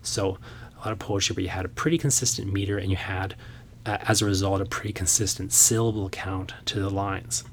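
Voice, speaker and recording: A man's voice: sits low, fairly even intonation, brisk, slight background noise. A man hosting a podcast, talking through a point about poetry in a thoughtful, rambling way with many fillers. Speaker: podcast host and poet. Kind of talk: casual instructional podcast talk.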